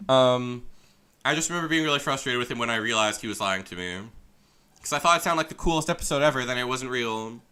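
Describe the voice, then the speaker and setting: A man's voice: medium pitch, animated, fast talker, bright, forceful tone, clear, resonant tone. A young man streaming a game playthrough, chatting and rambling between lines and reading the characters' dialogue aloud. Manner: rambling, chatty, laughs often, voices characters loosely. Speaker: let's play streamer.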